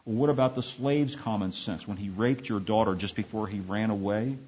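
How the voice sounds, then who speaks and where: A man voicing a calm, firm old prophet, speaking low and quiet in a husky voice on a dull recording. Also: moderate pace. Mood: accusing.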